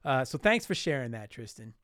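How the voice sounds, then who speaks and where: A man's voice: mid-range voice, very animated, a little fast, a bit bright, no echo, clean studio sound. A man hosting a podcast at home, answering listener mail in a blunt, profane, ranting way. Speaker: podcast host. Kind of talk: casual podcast talk reading listener mail. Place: home room with game shelf.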